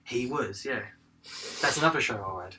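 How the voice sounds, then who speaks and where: A man's voice: mid-range voice, moderate pace, far from the mic, noisy background. A man co-hosting a podcast in casual chat, laid-back and joking, swearing freely. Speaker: podcast co-host.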